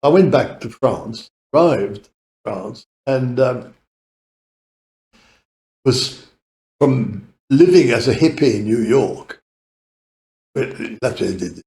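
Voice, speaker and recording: A man's voice: medium pitch, animated, slow pace, long pauses, warm tone, reverberant. A man in his eighties with a British accent, telling long rambling stories as a podcast guest, laughing often and swearing casually. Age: 80s. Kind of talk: rambling anecdotal storytelling.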